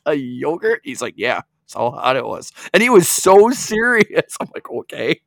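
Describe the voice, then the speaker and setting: A man's voice: on the high side, sing-song, normal speed, vocal fry, no echo, clean studio sound. A man co-hosting a podcast, telling a rambling story in casual chat, laughing often and acting out his friends' lines. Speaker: podcast co-host.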